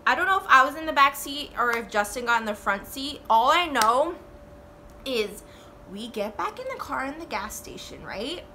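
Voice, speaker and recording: Woman, twenties, casual storytime vlog, animated, swearing, filler-heavy, high pitch. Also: moderate pace, a little hiss or hum. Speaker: vlogger telling a story.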